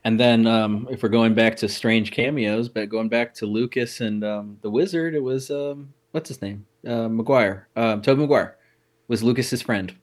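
A man's voice: mid-range voice, moderate pace. A man co-hosting a podcast in casual chat, rambling with frequent restarts and fillers. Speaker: podcast co-host.

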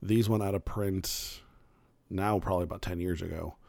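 Low-voiced man chatting casually, dry sound. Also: moderate pace, vocal fry, no room sound. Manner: rambling, self-correcting, animated when telling stories. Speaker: game master. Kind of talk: casual chat.

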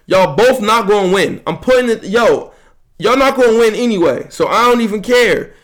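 A young man hosting a podcast, talking fast and heatedly, bragging and ribbing his friends in casual slang-heavy chat. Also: high-pitched, animated. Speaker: podcast host.

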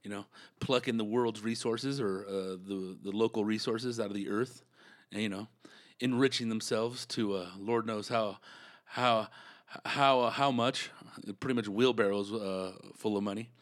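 A man's voice: fairly low pitch, steady tone, normal speed. Laid-back slangy male comedian. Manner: laid-back slangy storytelling with many fillers. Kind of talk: casual storytelling chat.

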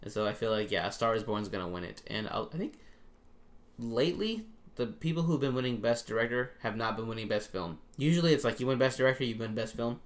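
A man's voice: medium pitch, fast. Laid-back male podcast host. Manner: laid-back, laughs often, swears casually. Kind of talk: casual chat.

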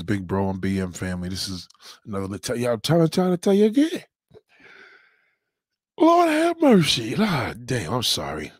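A man hosting a livestream, ranting loudly and profanely, rambling and repeating his catchphrases. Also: deep voice, husky, no echo, clean studio sound. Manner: loud, rambling, repeats catchphrases, heavy swearing. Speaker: livestream host.

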